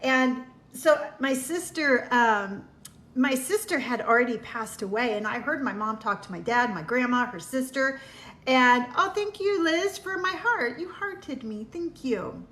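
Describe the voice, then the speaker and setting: Middle-aged woman host, fairly high voice, sincere and rambling, phone mic in an echoey room. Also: expressive, unhurried, a bit bright. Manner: heartfelt, meandering storytelling while reading out viewer comments. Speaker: livestream host. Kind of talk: casual livestream chat.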